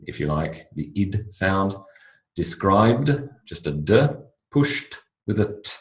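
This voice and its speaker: A man with an Australian accent teaching English pronunciation in a lecture, speaking slowly and deliberately and repeating words for emphasis. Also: low voice, echoey room, poor audio. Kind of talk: recorded online lecture.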